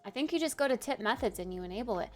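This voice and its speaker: A woman's voice: on the high side, lively intonation, rapid-fire, faint music behind. A young adult woman livestreamer in casual live-stream chat, talking straight to her viewers and cheering them on.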